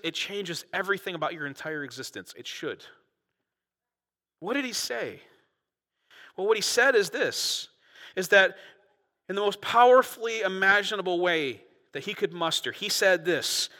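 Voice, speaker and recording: A man preaching a sermon as a pastor, moving between quiet asides and loud, animated bursts. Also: high-pitched, moderate pace, long reverb tail.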